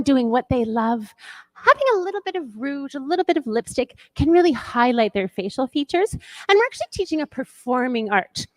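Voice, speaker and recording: A woman's voice: high-pitched, dry recording. A woman playing a polite, reassuring studio owner. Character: calm professional studio owner. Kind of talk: role-play exercise.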